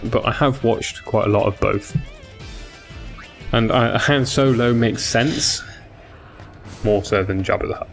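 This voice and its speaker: On a game stream, a tired man chats casually with his viewers, rambling and leaning heavily on fillers. His voice is gravelly and fairly low.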